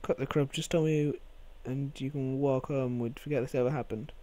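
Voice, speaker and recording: A man voicing a menacing male assassin interrogating a victim, speaking low and quietly threatening. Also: steady tone, moderate pace, natural voice.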